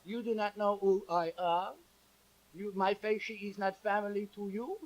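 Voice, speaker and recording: A man voicing a loud, brassy French woman who hollers in broken English with a mock French accent, with piano music under him. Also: high voice, steady tone, normal speed, pitched above the performer's own voice, close to an everyday voice, rough recording.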